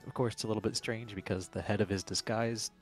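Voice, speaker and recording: Low-ish voiced guy narrating his character in third person for a tabletop game, some ums. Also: fairly even intonation, quick pace, soft background music. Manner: narrates at length, with filler sounds. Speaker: player.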